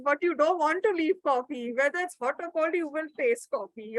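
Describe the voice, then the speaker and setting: A woman's voice: high-pitched, unhurried, fairly bright tone, dry recording, low-quality recording. A woman running a live webinar, reading out participants' answers and encouraging them. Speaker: webinar trainer. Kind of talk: live online teaching session.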